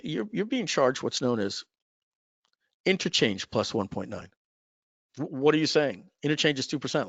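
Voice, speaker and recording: A man's voice: fairly high pitch, dry recording, dull audio. A man hosting a live webinar, talking in a chatty sales manner and telling stories with asides. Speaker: webinar host.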